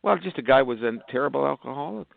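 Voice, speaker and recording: A man's voice: mid-range voice, lively intonation, fast, vocal fry, no room sound. A male physician guest talking with enthusiasm on a phone interview, rambling through long lists. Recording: tinny phone line, dry.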